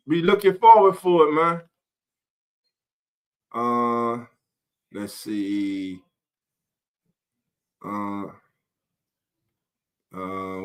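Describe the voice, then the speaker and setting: A man's voice: medium pitch, pushed and bright. A man hosting a casual live-stream sports talk show, greeting viewers in chat by name.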